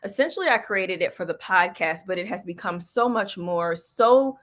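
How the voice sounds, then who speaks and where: A woman's voice: medium pitch, expressive, moderate pace, fairly bright tone. Chatty woman hosting a casual livestream. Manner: chatty, loose, breaks off mid-stream, laughs often. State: out of breath. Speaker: livestream host and small business coach.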